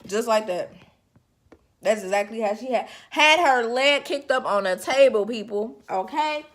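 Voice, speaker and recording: A young woman reviewing a reality show in casual, expressive chat, her voice jumping up in pitch as she reacts. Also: unhurried. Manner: chatty, expressive, with sudden pitch jumps.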